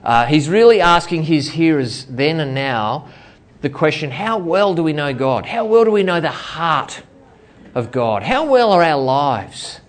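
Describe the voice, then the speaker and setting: Middle-aged pastor, chatty sermon. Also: male voice, a little high, very animated, measured pace. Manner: chatty, many fillers and restarts. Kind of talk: sermon with personal story. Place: church.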